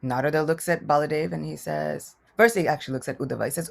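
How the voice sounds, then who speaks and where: Low, husky woman telling scripture stories. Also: fast, few pauses. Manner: expressive, dramatic storytelling. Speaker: religious teacher. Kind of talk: scripture storytelling class. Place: temple.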